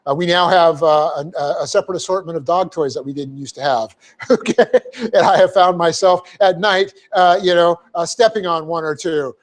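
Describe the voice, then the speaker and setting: This middle-aged man, a pastor, speaks at a moderate clip in a voice on the high side. Working through Scripture verse by verse in a church hall, he unpacks each word, often pausing to ask "okay?" and dropping in down-to-earth remarks.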